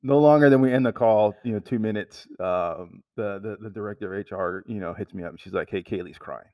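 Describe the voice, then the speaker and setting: A man telling a story about work in casual conversation, halting and restarting, with lots of "like" fillers. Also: on the low side, mellow, dry recording, distant mic.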